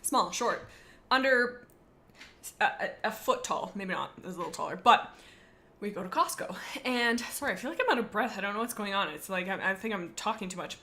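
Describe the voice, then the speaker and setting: A young adult woman streamer chatting casually, rambling through animated stories with many asides. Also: medium pitch, brisk. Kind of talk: casual live-stream chat.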